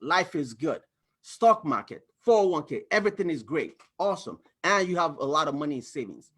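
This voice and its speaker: A man with a high voice walks viewers through a money diagram shown on his screen. He talks in an animated way and slips into quick acted-out exchanges with a bank and a spouse. His tone is that of a coach pitching his advice. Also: husky. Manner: animated, acts out little dialogues, exclaims. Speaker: financial coach. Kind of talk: screen-share explainer talk.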